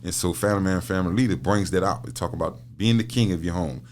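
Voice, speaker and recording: A middle-aged man with a very low voice chats as a podcast guest. He tells his stories loosely, repeating words and laughing often. A faint hum sits under the voice. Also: fast talker, darkish tone. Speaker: podcast guest, prison minister. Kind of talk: casual interview talk.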